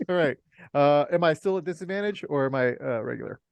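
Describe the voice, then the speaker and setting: A man playing a tabletop game, easygoing and slow-spoken, laughing often. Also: on the high side, creaky, smooth, no echo. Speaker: player. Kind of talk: casual tabletop play.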